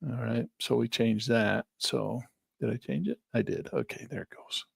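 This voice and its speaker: Man, gravelly voice, dry close headset sound, chatty live trading lesson, talks through each click. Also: mid-range voice, moderate pace, no echo. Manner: chatty, thinks aloud while clicking through charts. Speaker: trading instructor. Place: small office near a parking lot. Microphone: headset mic.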